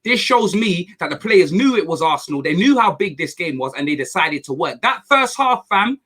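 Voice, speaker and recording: Hyped young guy on a phone-in, slangy, bright ringing tone. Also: high-pitched, big pitch swings, normal speed. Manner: hyped, heavy London slang. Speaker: caller. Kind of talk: excited fan phone-in.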